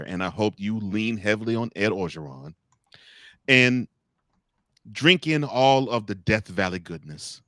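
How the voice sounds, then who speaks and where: A man co-hosting a sports talk show, ranting in a mocking, animated way straight at the people he talks about. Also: lowish voice, measured pace, no echo, studio quality. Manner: animated, mocking rants addressed to coaches. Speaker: podcast co-host.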